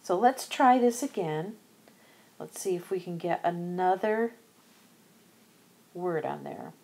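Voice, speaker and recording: A woman's voice: lowish voice, animated, slow, gravelly, darkish tone. A woman narrating an instructional screencast as a teacher, methodically sounding out letters and syllables one by one. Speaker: teacher educator.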